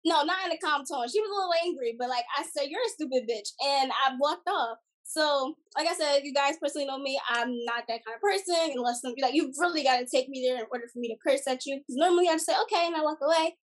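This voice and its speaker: A young woman in her twenties, a podcast guest, chatting casually and telling a story with halting restarts and frequent laughter. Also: high-pitched. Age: 20s. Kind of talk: casual chat.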